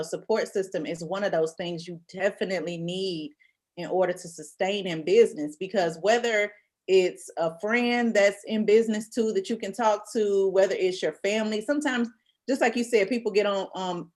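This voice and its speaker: Host: mid-pitched woman, encouraging and emphatic, easy conversational flow. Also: normal speed. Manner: warm, encouraging, emphatic asides. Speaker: podcast host. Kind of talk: casual interview chat.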